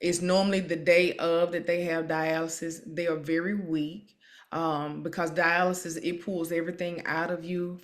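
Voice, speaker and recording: A woman hosting an emotional interview, encouraging and repeating herself as she talks. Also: on the low side. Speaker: host. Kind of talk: emotional live-stream interview.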